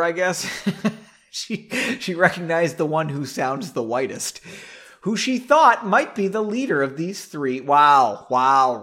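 A podcast host reads a story aloud in a comic style and keeps breaking in with sarcastic jokes. His voice sits fairly high for a man. Its pitch bounces widely. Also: fairly bright tone. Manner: sarcastic, mocking interruptions. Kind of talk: comic reading with asides.

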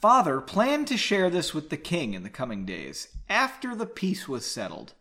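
A man's voice: sits high, wildly swooping pitch, moderate pace, sharp tone, exaggerated voice. A man doing a frightened young alchemist. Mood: defeated. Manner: fearful, wailing. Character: panicked young male alchemist.

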